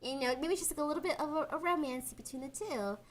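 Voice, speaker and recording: A woman co-hosting a casual anime podcast, animated, acting out scenes in exaggerated voices. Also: high voice, fast, a little hiss or hum. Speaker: podcast co-host.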